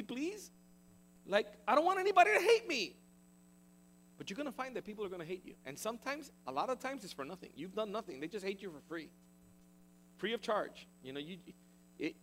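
Animated high-voiced male preacher. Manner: animated preaching, swings from loud to hushed. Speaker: pastor. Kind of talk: sermon. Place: church hall with stage lights.

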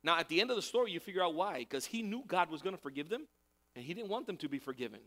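Man, pastor, sermon, slightly high pitch, conversational, repeats phrases for emphasis. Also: animated, very fast, pushed and bright. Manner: conversational preaching with emphatic repetition.

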